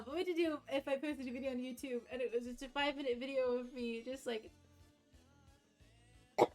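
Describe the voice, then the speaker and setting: A woman streamer chatting at her desk, her voice sitting a little high. She rambles, swears and laughs at herself, sounding tired and overheated. Faint music plays under her voice. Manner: rambling, self-deprecating, swears and laughs often. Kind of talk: casual live-stream chat.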